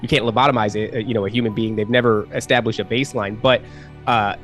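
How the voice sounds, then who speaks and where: Fast-talking earnest male podcast guest. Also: lowish voice, fairly even intonation, a bit bright, faint music behind. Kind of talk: casual chat, explaining a view.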